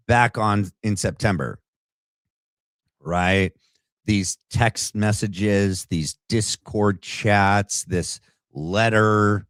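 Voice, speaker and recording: A man's voice: on the low side, no room sound, clean studio sound. A man hosting a reaction commentary from his desk, sarcastic and rambling. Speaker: commentary host. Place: home desk setup. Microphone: desk camera mic.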